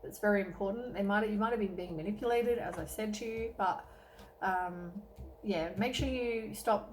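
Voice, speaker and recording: A woman's voice: mid-range voice, moderate pace, slight background noise, rough recording. A woman giving a casual tarot reading, tired and yawning, rambling with many ums and self-corrections. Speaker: tarot reader.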